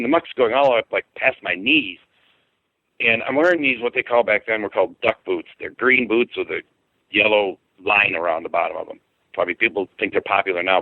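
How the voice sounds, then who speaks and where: A man telling a frightening personal story in a halting, casual way, often repeating words and restarting sentences. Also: no echo. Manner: halting, repeats words and restarts, pitch jumps when excited. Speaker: guest telling an encounter story. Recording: dry phone-line audio.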